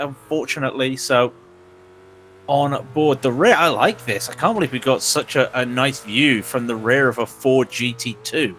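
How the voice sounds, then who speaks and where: A man's voice: medium pitch, normal speed, a bit bright, soft background music. A man with a West Country accent doing chatty, jokey co-commentary on a sim race, rambling and restarting often. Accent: West Country English. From England.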